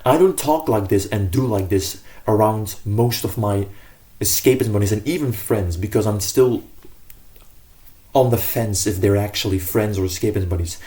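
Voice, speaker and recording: A man's voice: lowish voice, normal speed, dark tone. A man giving casual self-improvement advice to camera in an earnest, rambling way, often correcting himself mid-sentence.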